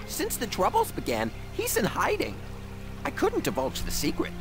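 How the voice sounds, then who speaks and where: A woman's voice: high voice, huge pitch swings, normal speed. A woman voicing a timid, fussy, mournful male mock turtle in a video game, with a quavering, prim voice. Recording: game audio under music.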